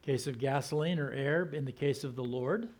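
A man giving a sermon in a conversational, storytelling manner, often acting out the people in his stories and sometimes slowing to a soft, hushed voice for emphasis. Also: mid-range voice. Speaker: pastor.

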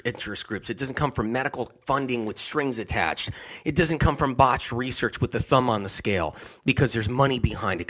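A man's voice: mid-range voice, fairly bright tone, slightly rough. A man hosting a health radio show, talking in a giggly, emphatic way and often repeating himself. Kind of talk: casual monologue on a health show.

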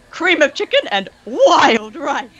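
A woman's voice: high-pitched, wildly swooping pitch, very slow, a bit bright, muffled recording. A woman reading a menu aloud with friends in a playful, giggly way, cracking jokes between items.

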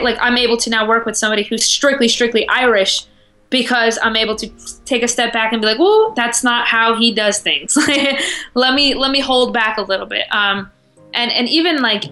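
Bright, confident woman guest. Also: a little high, steady tone, fairly quick, faint music behind, poor audio. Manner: confident, self-assured, laughs often. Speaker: interview guest. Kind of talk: casual interview chat.

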